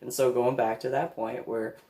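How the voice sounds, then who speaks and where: A woman's voice: extremely low pitch, flat delivery, moderate pace, mellow, echoey room. A woman telling a comedic story in a sarcastic, giggly, mock-patient manner. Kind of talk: comedic anecdote monologue.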